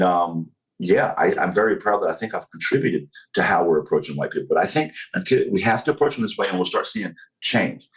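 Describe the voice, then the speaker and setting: A man talks in a low voice as a podcast guest. He is blunt and emphatic, swears freely and makes his points through analogies. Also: low-quality recording. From Southern United States. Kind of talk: casual conversation.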